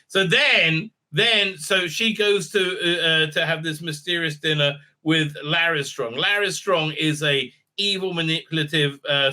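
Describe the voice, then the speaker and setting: In a loose, rambling monologue, a middle-aged man who reviews TV shows goes over an episode. He uses lots of filler sounds and restarts, dipping low and then springing up with excitement.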